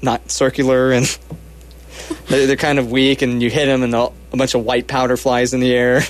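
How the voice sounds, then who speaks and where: A young man casually telling a funny personal anecdote, animated and self-mocking, slipping into the voices of the people in it. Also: medium pitch, moderate pace. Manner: animated, self-mocking, acts out quoted lines.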